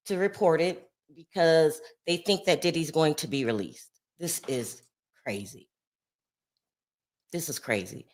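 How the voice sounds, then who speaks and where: A woman hosting a casual live stream from home, upset and shaky, rambling between loud outbursts and sighing murmurs. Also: fairly low pitch.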